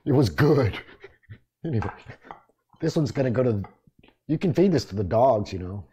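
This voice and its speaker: A man's voice: medium pitch, lively intonation, normal speed, warm tone, husky. A middle-aged father chatting easily in a home kitchen, chuckling often in a fatherly way. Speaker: streamer's father. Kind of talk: casual chat.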